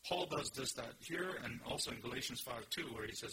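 A man preaching an expository sermon, emphatic, with sudden rises in pitch and loudness. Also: animated, brisk, few pauses. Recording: noisy recording.

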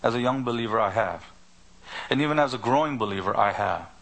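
Male pastor preaching, firing off rhetorical questions; gravelly edge on a bright voice. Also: mid-range voice, lively intonation, a little fast. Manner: rhetorical repeated questions, emphatic. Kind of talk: sermon.

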